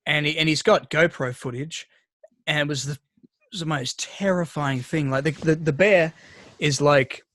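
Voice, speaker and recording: A man's voice: a little high, moderate pace, a bit bright, a little hiss or hum. A man chatting casually on a podcast, telling stories with lots of swearing and restarts. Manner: rambling storyteller, heavy swearing, many restarts. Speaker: podcast co-host. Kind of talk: casual chat.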